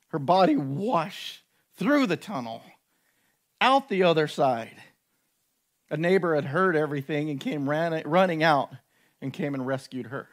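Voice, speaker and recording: A man preaching a sermon, telling a story animatedly and slowing down for dramatic moments. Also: on the high side, lively intonation.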